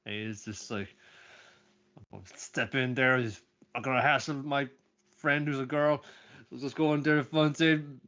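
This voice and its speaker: A man's voice: medium pitch, fairly even intonation, moderate pace, pauses often, a bit bright. A man co-hosting a podcast, rambling as he retells scenes in put-on voices. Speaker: podcast co-host. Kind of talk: casual chat about anime. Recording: dull lo-fi sound.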